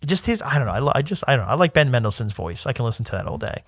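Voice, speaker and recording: A man co-hosting a podcast in casual chat, rambling through stumbles and restarts, laughing often and dropping into quick put-on voices. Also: mid-range voice, very animated, a bit bright, dry recording, studio quality. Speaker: podcast co-host.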